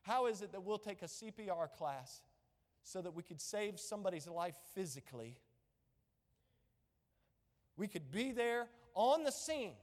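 A middle-aged man preaching an impassioned sermon as pastor, rising to shouts. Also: extremely high pitch. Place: church sanctuary. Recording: echoey church hall.

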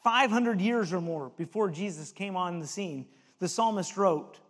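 Man preaching, high voice, emphatic, reverberant hall. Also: a little slow. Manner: emphatic, reads scripture aloud. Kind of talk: sermon.

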